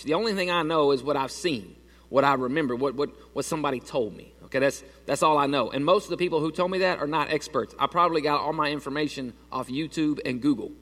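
A man's voice: on the high side, fairly bright tone, big-room sound. A man preaching a sermon to his church, telling a story casually with lots of restarts and fillers. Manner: conversational storytelling with many restarts. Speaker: pastor. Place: church sanctuary.

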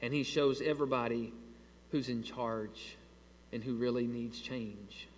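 A man preaching to his church, telling a story in an animated, exasperated way. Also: medium pitch, measured pace, slight background noise. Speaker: pastor. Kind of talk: sermon with a storytelling aside. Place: church sanctuary. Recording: long hall reverb.

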